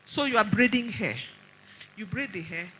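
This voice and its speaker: A middle-aged woman with a Nigerian accent speaks at a women's conference with a bright, forceful voice. She tells stories animatedly and presses her points with sharp rhetorical questions, a doctor addressing the room. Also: medium pitch, expressive, moderate pace, slight background noise, rough recording. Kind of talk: conference talk.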